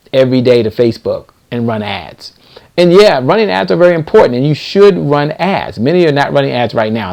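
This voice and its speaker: A man's voice: medium pitch, gravelly. A middle-aged man hosting a live stream, speaking in a preachy, motivational way and repeating key lines for emphasis. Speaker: host.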